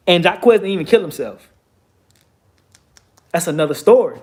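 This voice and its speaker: A man's voice: high-pitched, lively intonation, normal speed, pauses often, darkish tone. A man, telling a story in an emphatic, profane, streetwise way. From Texas, USA. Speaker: vlogger. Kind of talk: casual storytelling monologue.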